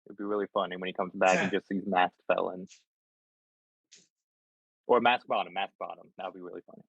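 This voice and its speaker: A man's voice: low-pitched, flat delivery, fast, vocal fry, husky, highs cut off. A man joining a stream over a call, chatting casually and teasing the chat. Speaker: guest on a call.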